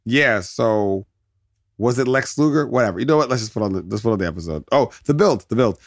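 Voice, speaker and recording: A man's voice: on the low side, vocal fry, dry recording, studio quality. A man hosting a podcast, chatting casually and digressing into jokes, laughing often. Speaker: podcast host. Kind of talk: casual rambling commentary.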